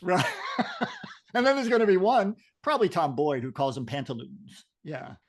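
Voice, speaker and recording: A man's voice: high voice, sing-song, unhurried. A middle-aged man co-hosting a podcast, chatting easily about comics and everyday words and chuckling often. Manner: easygoing, chuckling, conversational. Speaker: podcast co-host. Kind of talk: casual chat about comics.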